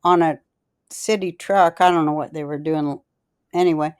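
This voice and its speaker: A woman's voice: deep voice, fairly even intonation, moderate pace, darkish tone, clean tone, no echo, clean studio sound. A woman hosting a podcast, telling stories in a blunt, profane, rambling way and losing her thread. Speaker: podcast host. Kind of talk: casual rambling storytelling chat.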